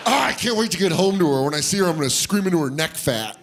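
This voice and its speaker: Man, stand-up comic, middle-aged, slightly high voice, loud storytelling, club audience laughing behind. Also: very fast, few pauses. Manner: loud, animated storytelling with shouted put-on voices. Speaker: stand-up comedian. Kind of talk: stand-up comedy routine. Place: comedy club stage before a laughing audience. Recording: live club recording with crowd noise.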